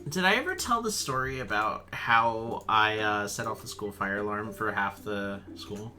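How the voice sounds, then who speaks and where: A young man chatting while he plays a game, telling a rambling, animated story and swearing freely. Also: lowish voice, normal speed. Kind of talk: casual storytelling chat.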